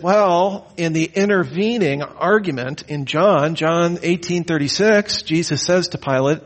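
Lively man lecturing on scripture. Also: fairly high pitch, measured pace, hardly any pauses. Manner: lively, questioning delivery, mock-incredulous asides. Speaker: Bible teacher. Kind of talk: lecture on the Gospels.

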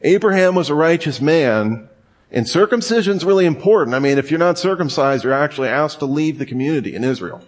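A man's voice: on the high side, expressive, brisk. Man preaching a conversational sermon. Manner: conversational, joking asides. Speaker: pastor.

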